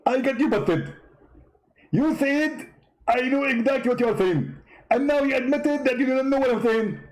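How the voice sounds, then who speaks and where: A man putting on a boastful male preacher caricature, gloating and mocking in a fast, raised voice. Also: extremely high pitch, voice pushed up, rough recording.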